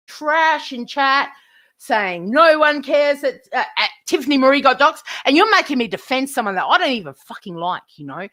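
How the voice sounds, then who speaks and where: A woman's voice: sits high, sharp tone. A woman live streamer ranting to her chat, indignant, swearing heavily and repeating herself.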